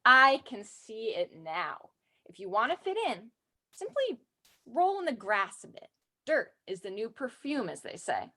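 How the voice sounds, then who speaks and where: A woman's voice: a little high, big pitch swings, a little slow, sharp tone. Young woman reading with playful theatrics. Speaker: student poet. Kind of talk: poetry reading.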